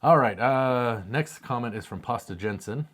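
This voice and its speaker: A man's voice: mid-range voice, moderate pace, a bit bright. Easygoing man reading viewer comments. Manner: easygoing, laughs often while reading. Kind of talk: casual chat.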